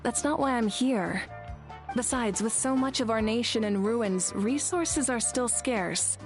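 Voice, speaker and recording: A woman voicing a calm fire goddess. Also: fairly high pitch, measured pace, soft background music, natural voice. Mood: composed. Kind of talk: video game voice acting.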